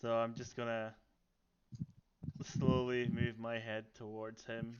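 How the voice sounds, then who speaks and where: A man playing a tabletop game, talking in a low grumbling mutter. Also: monotone, slow, lo-fi sound, slight background noise. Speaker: player.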